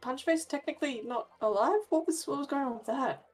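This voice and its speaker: A woman's voice: high-pitched, brisk, faint music behind. Chatty woman describing her character's moves. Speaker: player. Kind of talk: casual tabletop role-play.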